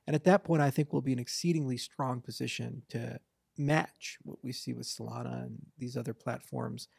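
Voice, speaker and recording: A man with a gravelly, husky voice answers interview questions at a mid pitch. He talks confidently and at length, with a dry, close sound and no room around him. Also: fairly even intonation, darkish tone, no room sound. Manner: fast, confident, discursive, mimics voters for effect. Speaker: interview guest, blockchain founder. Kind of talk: casual interview talk.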